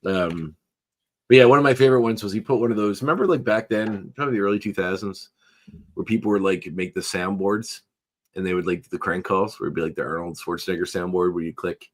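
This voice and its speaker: A man with a somewhat low voice talks through a long story in a relaxed, meandering way. He peppers it with fillers and asides like a podcast host chatting with a friend. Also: fast talker. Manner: rambling, chatty storyteller with frequent fillers and laughs. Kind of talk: casual chat.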